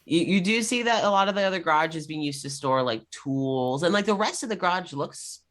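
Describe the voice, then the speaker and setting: Gm describing a scene, bright voice, lots of ums and likes. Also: medium pitch, animated, brisk. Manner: rambling, filler-heavy description. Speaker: game master. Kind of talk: narrating a tabletop game.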